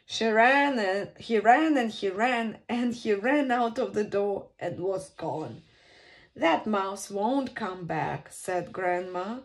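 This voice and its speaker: A woman reading a children's picture book aloud at storytime, with an expressive, sing-song delivery and dramatic pauses. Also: mid-range voice.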